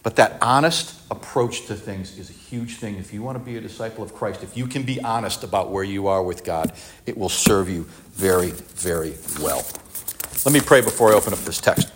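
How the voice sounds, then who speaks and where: A man preaching a sermon and leading a prayer, retelling scripture in a conversational, animated way with acted-out quotes. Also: medium pitch, moderate pace. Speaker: pastor.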